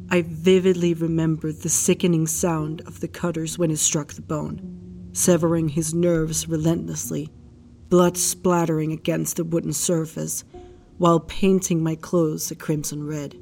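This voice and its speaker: A woman narrating in the first person for an audio drama, in a hushed, grief-stricken retelling. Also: lowish voice, slight background noise. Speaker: narrator recounting a case file.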